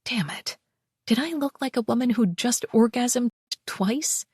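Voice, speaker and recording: A woman narrating a first-person romance audiobook in an expressive, wry way on a close mic. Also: fairly high pitch, unhurried, husky, no echo.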